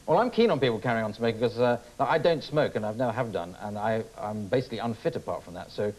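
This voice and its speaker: A man's voice: on the low side, expressive, fast, a little mellow, poor audio. An English man hosting a talk show, playful and stumbling over his words as he teases his guest. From England. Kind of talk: talk show interview banter. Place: TV studio with live audience. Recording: studio audience and noise.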